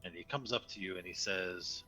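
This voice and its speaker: A man narrating a tabletop game as game master, unhurried and full of fillers. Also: low-pitched, bright, forceful tone, faint music behind.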